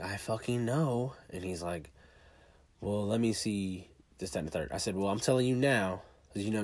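A man tells a personal story in a blunt, heavily profane way, often talking fast. The recording is dry and close, with no room sound. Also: lowish voice, darkish tone, no echo.

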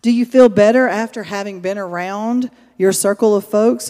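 Woman, sermon storytelling, animated, loud then hushed, long hall reverb. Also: mid-range voice, normal speed, few pauses. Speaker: speaker addressing a church.

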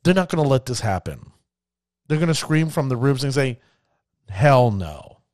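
A man giving casual commentary on card games, addressing his viewers as ladies and gentlemen and acting out players' reactions. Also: mid-range voice, lively intonation, fairly quick, no room sound, studio quality. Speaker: card game content creator.

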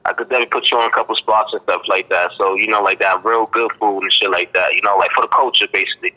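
A man from Boston, a rapper giving a relaxed interview in slangy talk full of fillers and "you dig.". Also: fairly low pitch, rapid-fire. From Boston, Massachusetts. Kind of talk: casual interview chat. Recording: dull lo-fi line.

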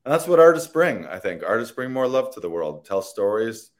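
A man's voice: on the low side, very animated, a little fast. A man, an actor, talking in a rambling, earnest and playful way in a casual interview, laughing and swearing now and then. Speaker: actor guest.

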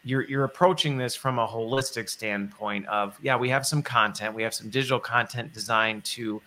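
A man's voice: medium pitch, steady tone, normal speed, pushed and bright, a little hiss or hum. A man hosting a conversational interview, thinking aloud and often rephrasing himself mid-sentence. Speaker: podcast host.

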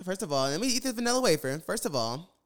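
A young man rants to his viewers in a storytime vlog, swearing freely and circling back over the same phrases. His pitch leaps and dips widely as he talks, and his voice comes through smooth and resonant. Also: very animated, quick pace. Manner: profane, exasperated, repeats phrases. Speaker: vlogger.

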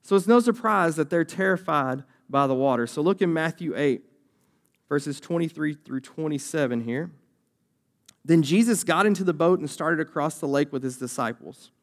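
A man's voice: on the high side, animated, normal speed. A young man preaching a sermon as a youth pastor, talking conversationally and acting out voices from the story.

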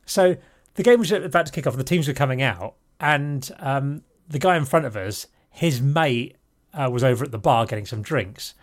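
A man's voice: medium pitch, animated, normal speed. A middle-aged man casually telling a rambling story on a podcast, correcting himself as he goes and breaking into laughter.

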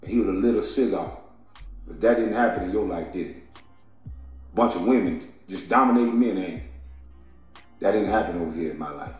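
A man's voice: low-pitched, brisk, pauses often, a little mellow. Guy going off on a cussing rant, mocking and laughing, voice bouncing all over a super echoey room, little bit of music behind. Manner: taunting, mocking, laughing between insults. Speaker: commentator. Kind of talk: profane heated rant.

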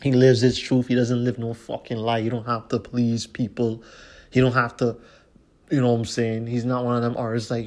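A man's voice: mid-range voice, monotone, brisk. A man hosting his own podcast, talking casually in a profane, slangy way and often repeating "you know what I'm saying". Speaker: podcast host. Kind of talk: casual solo podcast talk.

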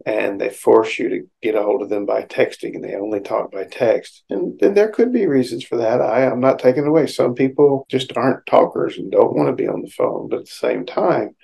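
A man's voice: mid-range voice, fairly quick, creaky, hardly any pauses, warm tone, poor audio. A middle-aged man, a psychotherapist, giving an informal educational talk in a conversational way and explaining through everyday examples.

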